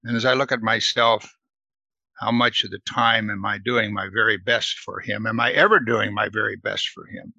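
A man's voice: fairly low pitch, fairly even intonation, moderate pace, gravelly, pushed and bright, husky, no room sound, lo-fi sound. A man leading a Bible study in a conversational teaching manner, earnest and often asking his listeners "right?". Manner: earnest, asks the listeners questions, adds "right?".

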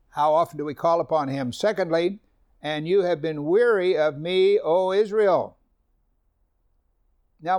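Male pastor, middle-aged, chatty sermon delivery with quick acted-out asides, slightly high pitch. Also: gravelly, darkish tone. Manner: conversational preaching, acting out little scenes.

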